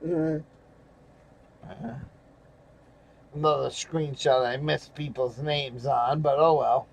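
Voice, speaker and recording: A man's voice: a little high, steady tone, takes it slowly, gravelly, highs cut off. A man hosting his channel, reading viewer comments aloud and ranting about them in angry, profane, sarcastic casual commentary, with chuckles in between.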